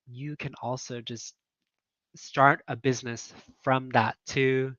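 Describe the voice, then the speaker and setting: A man's voice: mid-range voice, little pitch movement, slow, a bit bright, dry recording, dull audio. A man coaching online teachers in a casual livestream chat, talking earnestly with many fillers and laughs.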